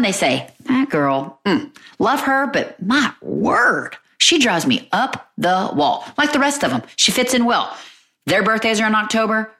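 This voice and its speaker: A woman vlogging to her viewers as a stay-at-home mom, chatting casually and telling stories with animated jumps in her voice. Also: measured pace. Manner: animated storytelling with pitch jumps and quoted voices.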